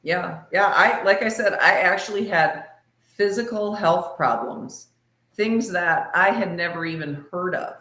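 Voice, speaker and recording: A woman telling a personal story on a podcast in a lively, laughing way. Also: lowish voice, measured pace, reverberant. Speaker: podcast guest. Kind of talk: casual storytelling.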